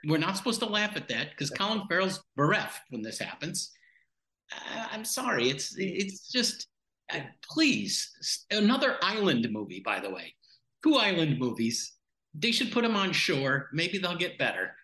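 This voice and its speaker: A man co-hosts a casual film discussion, blunt and exasperated, with sarcastic quips. His voice is bright and forceful, with a lively pitch that rises and falls, and it rings in a roomy echo. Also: normal speed. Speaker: film podcast co-host.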